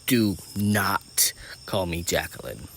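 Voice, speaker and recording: A man's voice: fairly low pitch, lively intonation, fairly quick, a little hiss or hum. A man doing a teasing teenage best friend.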